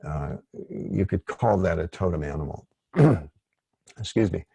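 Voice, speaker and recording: A man leading an online workshop, speaking in a gentle, rambling, digressive way. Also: sits low, measured pace, creaky, slightly rough, dry recording. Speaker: workshop facilitator.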